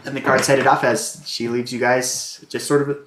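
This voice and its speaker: Relaxed male game master who narrates loosely, in an echoey room. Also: medium pitch, moderate pace, slight background noise. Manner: relaxed, filler-heavy narration.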